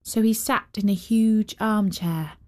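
A woman hosting and narrating a fairy tale with gentle, expressive storytelling. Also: mid-range voice, slow pace. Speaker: storyteller and host.

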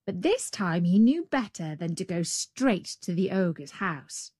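A woman reads a fairy tale aloud at an unhurried, slow pace, stretching and shaping her phrases expressively. Her voice sounds close and dry, with no room around it. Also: fairly low pitch, dry recording. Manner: expressive, drawn-out storytelling. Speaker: storyteller.

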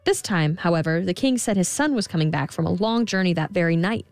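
Lady reading a fairy tale, low-ish gentle voice, faint music under it. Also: lively intonation, fairly quick, no echo. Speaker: storyteller. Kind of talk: storybook narration.

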